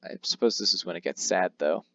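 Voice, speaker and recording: A man's voice: sits low, brisk, gravelly, no room sound, lo-fi sound. A man giving casual, self-mocking game commentary, rambling with jokey asides. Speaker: let's play commentator.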